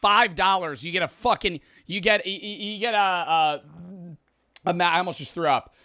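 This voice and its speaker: In a high, sharp voice at normal speed, a young streamer swears constantly and sounds exasperated while spicy food gets to him, rambling through casual chat. The recording is dry and studio-clean.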